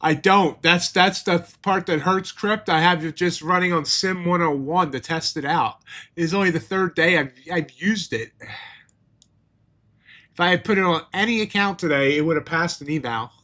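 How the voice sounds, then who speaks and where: A man hosting a live trading stream, chatting casually with a jokey, think-out-loud manner. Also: high-pitched, normal speed. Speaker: trading livestream host.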